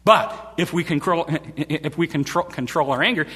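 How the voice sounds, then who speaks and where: High-voiced emphatic male preacher. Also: moderate pace, sharp tone, husky. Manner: emphatic preaching, repeats phrases for stress. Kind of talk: sermon. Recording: long hall reverb.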